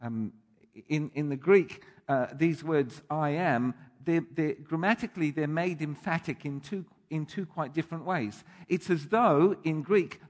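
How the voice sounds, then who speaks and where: A man preaching a sermon, thoughtful and emphatic, building up stress on key phrases with some restarts. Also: fairly high pitch. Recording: long hall reverb.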